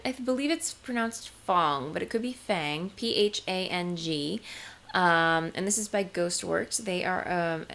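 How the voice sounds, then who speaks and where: A woman's voice: fairly low pitch, vocal fry, fairly bright tone. A woman hosting a knitting video podcast from home, talking casually and rambling with lots of ums and restarts as she shows her crafting gear. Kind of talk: casual show-and-tell vlog. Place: home, seated indoors.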